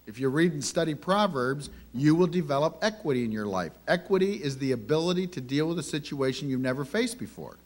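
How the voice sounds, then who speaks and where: A man giving a conversational sermon on parenting, telling family stories and asking the audience rhetorical questions. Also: fairly high pitch. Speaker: minister teaching on parenting.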